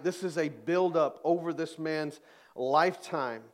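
A man's voice: on the high side, unhurried. A man preaching a sermon, reading scripture aloud with emphatic, dramatic rises in his voice. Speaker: pastor.

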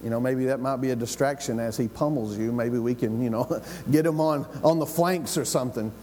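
A man voicing a weary older king who speaks in a low, offhand, dismissive way. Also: brisk, dark tone, long reverb tail, close to an everyday voice.

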